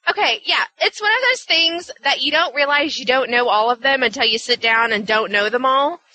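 Brief: Southern US woman in a casual chat, bubbly and self-mocking, high, bright voice, dry sound. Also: moderate pace, poor audio. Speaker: teacher.

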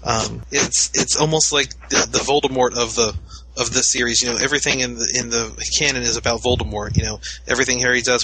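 Halting man with a bright voice. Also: mid-range voice, steady tone, a little hiss or hum, rough recording. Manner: halting, hesitant, many false starts. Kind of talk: casual chat.

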